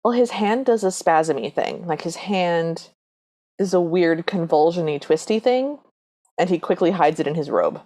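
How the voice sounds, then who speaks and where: A woman's voice: lowish voice, animated, normal speed, mellow. A woman co-hosting a podcast, recapping a movie's plot from her notes with dry, wry asides. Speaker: podcast co-host. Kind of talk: casual chat retelling a movie plot.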